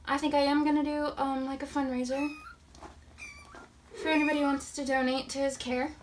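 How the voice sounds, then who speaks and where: A woman's voice: high-pitched, slight background noise. A woman chatting casually in a vlog, a little out of breath, cooing to kittens in a sing-song voice between her explanations. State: slightly out of breath. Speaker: kitten foster volunteer. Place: at home with kittens.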